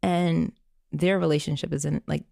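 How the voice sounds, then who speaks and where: Woman, low register, gravelly edge, dry close sound, relaxed conversational storyteller. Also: moderate pace, no room sound. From Caribbean family, Jamaica. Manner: warm storytelling with laughs and fillers. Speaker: podcast guest, parent. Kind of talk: casual conversation.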